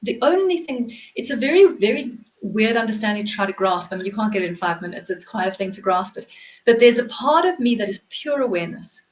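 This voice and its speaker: A woman's voice: mid-range voice, lively intonation, fast talker, lo-fi sound. A woman hosting an interview as a life coach, explaining her ideas earnestly and repeating phrases for emphasis. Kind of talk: reflective interview talk.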